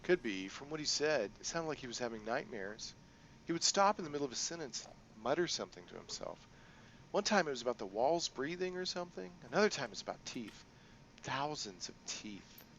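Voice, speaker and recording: A man doing a sly older woman crime boss for a game playthrough, all coy sing-song and pet names. The voice sits a bit higher than his own with a gravelly edge, on a dull, lo-fi recording with faint background noise. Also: sing-song, fairly quick, fairly bright tone. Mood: gossipy. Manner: coy, sing-song, calls people dear and sweetie.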